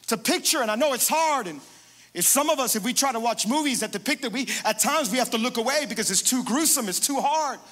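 A man pastor preaching a sermon, emphatic, moving between hushed passages and loud, rising declarations. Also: extremely high pitch, expressive, fast, long reverb tail.

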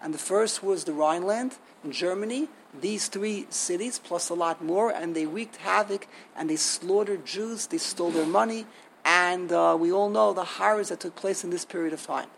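A man giving a lecture on a liturgical poem, halting and restarting often and asking himself rhetorical questions. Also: high voice, gravelly, a bit bright, a little hiss or hum, low-quality recording. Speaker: Torah teacher.

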